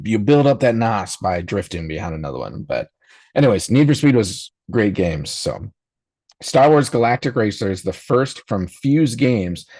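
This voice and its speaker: A low-pitched man hosts a live podcast reaction stream, chatting casually and rambling with plenty of ums as he reminisces. The recording is dry and close, with no room around the voice. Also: dark tone, no echo. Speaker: podcast host.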